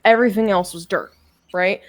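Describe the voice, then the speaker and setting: A woman's voice: mid-range voice, a little fast. A young woman chatting casually on a game stream, telling a long story in a rambling way and swearing often. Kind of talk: casual chat.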